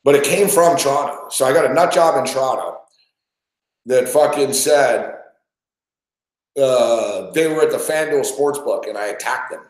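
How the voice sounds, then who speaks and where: A podcast host with a mid-range voice speaks at normal speed, telling a rambling story in casual chat full of swearing. The recording has a roomy echo.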